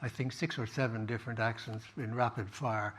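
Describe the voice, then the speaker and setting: A man's voice: mid-range voice, fairly even intonation, fairly quick, fairly bright tone, slightly rough. A man hosting a casual interview, asking friendly, playful questions.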